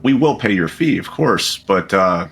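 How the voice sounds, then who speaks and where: Brief: player doing a husky, higher-pitched merchant in a made-up accent, persuasive and slick. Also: male voice, animated, unhurried, fairly bright tone, faint music behind, exaggerated voice. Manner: put-on regional accent, persuasive. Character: smooth-talking male merchant, money handler.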